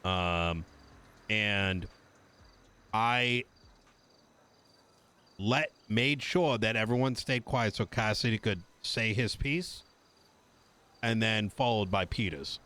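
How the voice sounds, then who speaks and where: A man speaking in character during a game roleplay, measured and hesitant, with many pauses and ums. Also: fairly low pitch, fairly bright tone.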